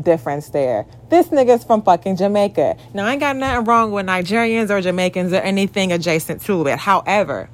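A woman in her twenties venting bluntly and profanely in an exasperated rant about a partner. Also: medium pitch. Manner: mocks others in acted quotes.

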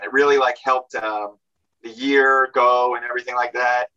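Rambling bright-voiced man, slightly lo-fi. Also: medium pitch, little pitch movement, moderate pace. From Central New Jersey. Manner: rambling, hesitant, full of fillers and self-deprecating jokes. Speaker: podcast guest. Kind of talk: casual podcast chat.

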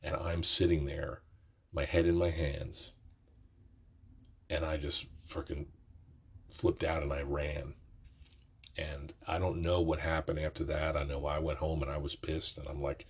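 A middle-aged man telling a rambling, profane story from his youth, often correcting himself mid-sentence, with a raspy voice. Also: a bass voice, flat delivery, unhurried, pauses often. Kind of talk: casual storytelling.

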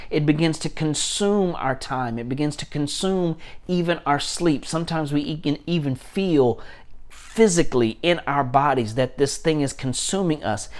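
A man's voice: a little high, normal speed. A man, a pastor, preaching a sermon with emphatic repetition and frequent restarts.

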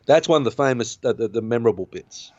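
A podcast host, male, rambles casually through a film's plot with lots of fillers and restarts. His mid-range voice is expressive, fast and a little mellow, with no echo. The sound is dull, lo-fi and dry.

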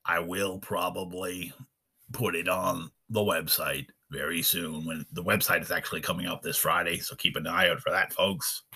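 Male podcast host, deep and husky, folksy and rambling. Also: fairly even intonation, moderate pace, sharp tone. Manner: rambling, folksy, lots of fillers. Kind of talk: casual unscripted podcast chat.

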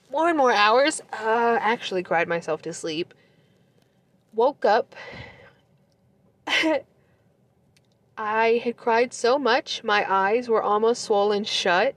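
A woman's voice: medium pitch, unhurried. A young woman telling a breakup story in a casual, profane way, holding back tears and laughing through them. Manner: emotional, swears a lot, laughs through tears. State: close to tears.

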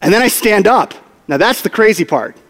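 A man with a bright, high voice delivers a storytelling sermon to his church, animated and at a normal pace. He uses comic timing and acts out lines, and his words echo through a long, reverberant hall.

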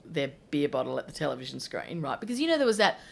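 An Australian woman talks politics in a relaxed, chatty way, opinionated and full of asides. Her voice sits notably low. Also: fast, vocal fry. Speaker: political commentator. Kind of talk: casual political chat.

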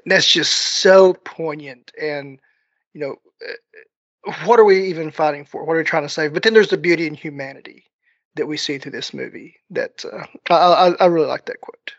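A man hosting a casual podcast chat, enthusiastic and halting, leaning on fillers as he talks. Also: on the high side, a bit bright, no echo, muffled recording.

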